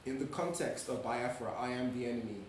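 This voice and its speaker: A man from Nigeria speaks on a live panel as a writer, thoughtful and halting. His voice sits in the middle range and sounds distant, carried by a very echoey room with faint noise behind it. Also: mid-range voice. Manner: thoughtful, many hesitations. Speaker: writer and playwright. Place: museum event space. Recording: echoey room, far from the mic.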